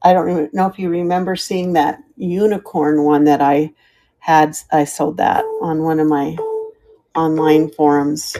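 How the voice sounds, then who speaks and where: A woman's voice: sits low, flat delivery, a little slow, dark tone. A middle-aged woman chatting as she sells vintage items on a live stream, thanking viewers by name. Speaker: live auction seller. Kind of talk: live-stream selling chat.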